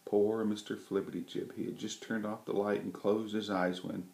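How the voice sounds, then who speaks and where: A man reading a children's story aloud with a gentle, lively delivery. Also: on the low side, moderate pace, creaky. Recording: roomy echo.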